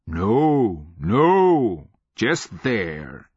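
A man doing a cackling, raspy mad old sergeant. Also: on the low side, sing-song, very slow, no room sound, dull audio, full character voice. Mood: mischievous. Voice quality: harsh rasping voice. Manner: cackling, rambling, conspiratorial.

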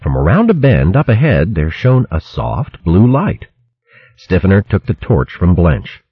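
A man narrating a fantasy adventure in a dramatic, expressive audiobook reading. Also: low voice, unhurried, breathy edge, dry recording. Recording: dull lo-fi recording.

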